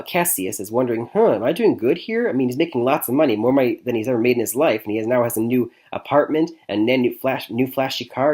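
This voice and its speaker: A young man from Michigan talks through a movie review in a loose, chatty way. He stumbles, restarts and fills gaps with ums and uhs, and chuckles at his own jokes. His voice sits at an ordinary middle pitch. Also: a little mellow. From Michigan, USA. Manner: chatty, rambling, frequent fillers and restarts, chuckles often. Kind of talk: casual spoken movie review.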